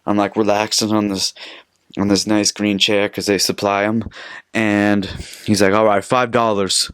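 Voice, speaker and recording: A man's voice: on the low side, monotone, measured pace, smooth, dry recording, clean studio sound. A young man from Canada hosting a casual solo podcast, telling stories in a rambling, profane, chatty way. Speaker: podcast host.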